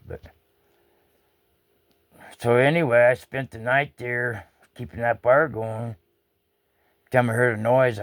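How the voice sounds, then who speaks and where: Here a storyteller's gravelly, mid-range voice comes through in studio quality with no room sound. He wanders through a personal tale in a profane, folksy manner, cursing freely and starting his sentences over again and again.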